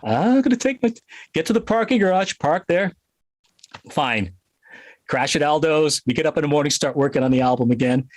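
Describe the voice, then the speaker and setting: Middle-aged guy from connecticut spinning a wild story, lots of pitch swing, laughs a lot, dry close sound. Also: a little fast, no echo. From Connecticut, USA. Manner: animated storyteller, laughs often, acts out voices. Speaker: guest musician. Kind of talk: casual storytelling interview.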